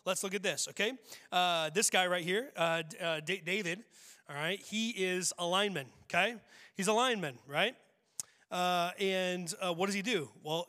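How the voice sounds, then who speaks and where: A man's voice: high voice, pushed and bright. A man preaching a casual, humorous sermon as pastor, talking conversationally with frequent restarts. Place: church sanctuary. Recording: long hall reverb.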